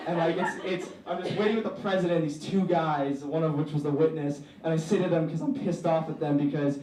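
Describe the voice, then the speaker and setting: A young man telling a story in a stand-up comedy set, animated and theatrical. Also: on the high side, a little fast, distant mic, crowd noise. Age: young adult. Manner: animated, theatrical, shouting when quoting himself. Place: comedy stage in a room with a live audience. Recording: echoey room, mic from afar, audience laughter.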